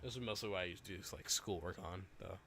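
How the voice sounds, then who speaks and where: A man's voice: deep voice, fast, creaky, sharp tone, slight background noise. A man streaming and chatting casually while reacting to videos, rambling loosely with hyped interjections.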